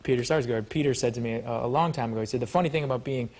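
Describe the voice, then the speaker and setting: A man guesting on a talk show, talking at a brisk clip in an animated, joking way. His voice sits at an ordinary middle pitch, and he pokes fun at himself as he tells stories. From United States. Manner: animated, joking, self-mocking.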